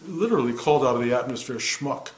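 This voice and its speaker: Soft-spoken man in his sixties, echoey room. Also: moderate pace. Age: 60s. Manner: soft-spoken and reflective, often dropping his voice low. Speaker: meditation teacher. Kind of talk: spiritual talk answering a student.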